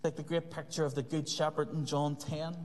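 A man's voice: fairly high pitch, flat delivery, brisk, darkish tone. A man preaching a sermon in an earnest way, repeating key phrases for emphasis. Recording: long hall reverb.

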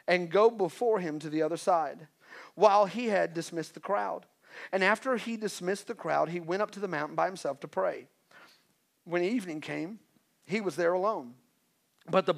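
A man preaching a sermon in a conversational way, with joking asides and swings from quiet to loud. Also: high-pitched, vocal fry. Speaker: pastor.

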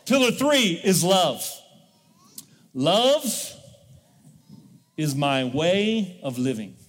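A man's voice: fairly high pitch, sing-song, extremely slow, fairly bright tone. Man preaching in a reverberant church. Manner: call-and-response, urging the congregation to repeat. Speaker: pastor. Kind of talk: sermon. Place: church sanctuary.

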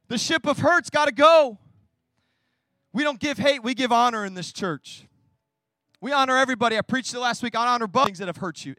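High-voiced passionate young male pastor. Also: no room sound. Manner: passionate, swinging between hushed and loud. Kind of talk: sermon.

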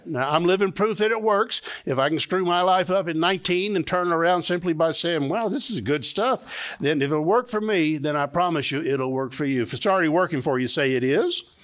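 Male pastor, middle-aged, fairly high voice, conversational sermon, repeats key lines. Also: fairly quick, hardly any pauses, a bit bright. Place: church sanctuary.

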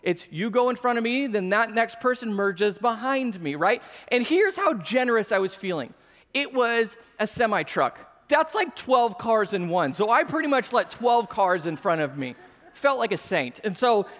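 A man in his thirties preaching a sermon, telling personal stories with animated, self-mocking humor. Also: high-pitched. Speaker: pastor. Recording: long reverb of a large hall.

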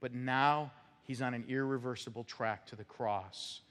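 A male pastor preaching an expository sermon, emphatic, with rhetorical "right?" checks and sudden drops to a quiet voice. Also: mid-range voice, steady tone, unhurried. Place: church sanctuary. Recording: reverberant hall sound.

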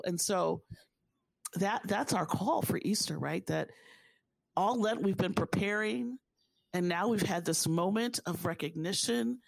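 A woman of Haitian background speaking earnestly and warmly about her faith in a conversation, repeating phrases for emphasis. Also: mid-range voice, unhurried, creaky, no echo. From Haitian family.

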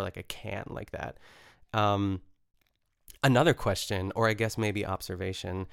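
A young man hosts a casual podcast, recapping a cooking show in a chatty, rambling way with plenty of fillers and self-corrections. His voice sits fairly low and has a noticeable gravelly fry. The sound is dry, with no room echo. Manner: chatty, amused asides. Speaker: podcast host.

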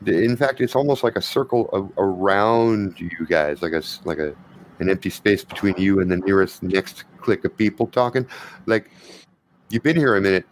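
A man narrating a tabletop game as game master, measured and hesitant with fillers. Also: sits low, a little hiss or hum, rough recording.

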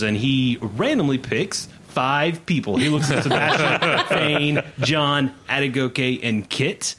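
A man narrating as game master in a tabletop game, relaxed and descriptive. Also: medium pitch, a little slow, few pauses, a little hiss or hum.

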